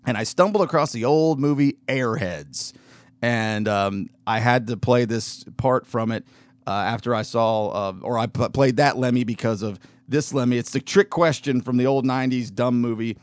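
A man's voice: medium pitch, moderate pace, no room sound. A man hosting a show, telling a casual story in a rambling way, with lots of restarts and fillers. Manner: rambling, self-interrupting, with fillers and laughs. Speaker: podcast host.

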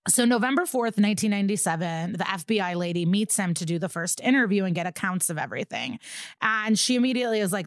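A woman's voice: mid-range voice, fast talker, no echo, studio quality. A woman co-hosting a podcast, animatedly retelling a true-crime case in casual chat, acting out quotes and swearing freely. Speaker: podcast co-host.

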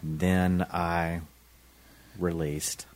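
A man's voice: sits low, little pitch movement, extremely slow, a little mellow, dry recording. A man casually telling a long story to friends on a podcast, rambling and restarting as he recounts it. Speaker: podcast co-host.

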